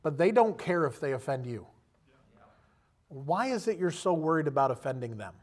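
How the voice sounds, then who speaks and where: High-voiced emphatic male preacher. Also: normal speed. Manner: animated, emphatic, rises to loud bursts; direct questions to the listener. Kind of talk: sermon.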